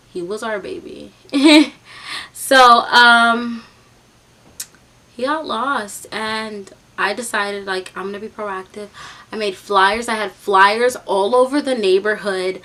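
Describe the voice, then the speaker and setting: A young woman from New York telling a storytime vlog, animated and chatty, with lots of fillers, acting out the voices as she goes. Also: mid-range voice. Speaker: vlogger.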